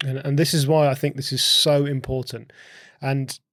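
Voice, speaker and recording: A man's voice: medium pitch, little pitch movement, moderate pace, a bit bright, dry recording, clean studio sound. A man co-hosting a podcast, explaining ideas in a casual chat, often restarting words and asking questions. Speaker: podcast co-host.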